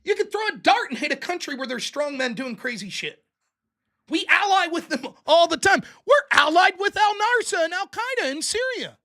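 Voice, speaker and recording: A man's voice: very high-pitched, very animated, normal speed, pushed and bright. A man hosting his own political commentary show, delivering a sarcastic, profane, combative solo rant and mocking his opponents.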